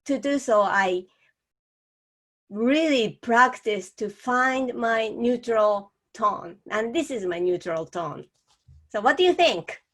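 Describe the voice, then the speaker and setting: Japanese-accented woman co-host, higher voice, slow measured delivery. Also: expressive, a bit bright. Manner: slow, deliberate, demonstrates tones. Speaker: co-host, professional speaker. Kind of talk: casual panel discussion on speaking.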